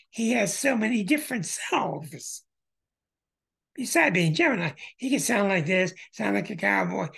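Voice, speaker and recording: A man with a gravelly, husky voice talks through astrology charts as a show host. His delivery swings widely in pitch and comes in emphatic bursts of excitement. He keeps an unhurried pace.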